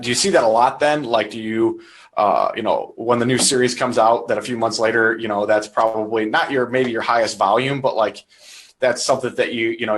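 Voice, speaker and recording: Fast-talking male stream host. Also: fairly low pitch, a bit bright, breathy edge. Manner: quick, curious interviewer with filler words. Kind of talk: casual live-stream chat. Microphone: video call.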